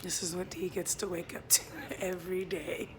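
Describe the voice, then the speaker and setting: A man in his thirties talking in a laid-back, reflective vlog into a phone outdoors at home, often dropping into soft half-whispers. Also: high-pitched, flat delivery, a little fast. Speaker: vlogger. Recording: noisy outdoor recording.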